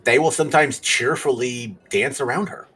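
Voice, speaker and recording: A man serving as game master on a tabletop game stream. He talks in an easygoing, rambling way, full of little fillers. His voice is bright and forward, with a slightly husky, breathy edge. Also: mid-range voice, normal speed, low-quality recording. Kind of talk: casual chat closing a tabletop game stream.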